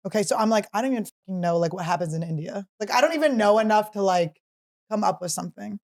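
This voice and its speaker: A woman in her forties chatting casually as a podcast host, telling animated stories and swearing freely. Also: medium pitch, quick pace. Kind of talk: casual chat.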